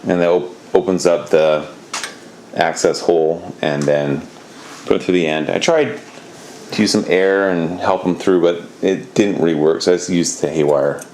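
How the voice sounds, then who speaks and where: Low-voiced man in casual garage how-to. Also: moderate pace, darkish tone, slight background noise. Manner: laid-back, rambling, mildly exasperated. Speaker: motorcycle DIY vlogger.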